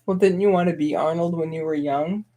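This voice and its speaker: Woman, co-host, casual chat, soft-spoken, teasing, mellow, low-ish voice. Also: fairly quick. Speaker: radio show co-host.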